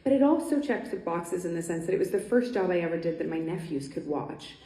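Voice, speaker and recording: A woman's voice: on the low side, expressive, fairly quick, warm tone. A woman talking as a panel guest at a convention, chatty and laughing, with many ums and restarts. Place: convention stage hall. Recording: echoey hall.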